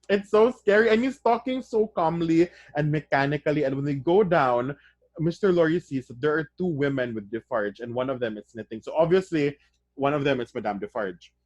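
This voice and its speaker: A man reading a novel aloud, then breaking off into casual, excited comments to his listeners. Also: fairly high pitch, dry recording. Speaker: reader of a novel.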